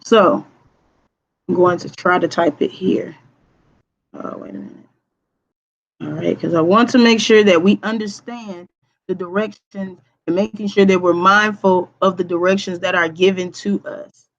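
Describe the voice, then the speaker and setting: In a recorded grammar lesson, a female teacher patiently guides students and keeps checking in with "okay." Her fairly low voice has an even intonation and measured pace, the audio is muffled, and she hums to herself while typing on screen.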